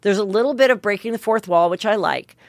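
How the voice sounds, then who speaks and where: A middle-aged woman host tells a story in a loose, candid monologue, mocking herself and swearing freely. Her voice sits at an ordinary pitch for a woman. The sound is dry and close, with no room echo. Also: fast. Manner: chatty, candid, profane, self-mocking. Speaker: podcast host.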